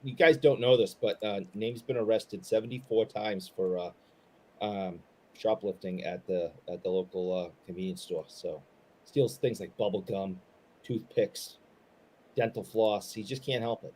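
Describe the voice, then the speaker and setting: A man on a live stream, talking in a fairly low voice. He rambles easily, pausing on "uh" and "um", and sounds earnest and friendly about hobby stuff. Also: fairly even intonation, darkish tone. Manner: easygoing, rambling with fillers, earnest. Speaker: co-host. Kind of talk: casual live-stream chat.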